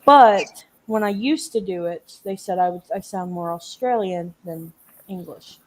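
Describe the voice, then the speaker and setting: A woman's voice: on the low side, a little slow, a little mellow. A woman hosting a live panel chat, talking casually and rambling, often restarting her sentences. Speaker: host.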